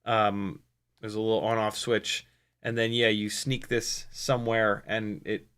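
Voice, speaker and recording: Rambling American man with a bright tone. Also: on the low side, flat delivery, measured pace, clean tone. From United States. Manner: rambling, many ums and restarts, reads chat aloud. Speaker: FPV drone live stream host. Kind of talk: casual live stream chat.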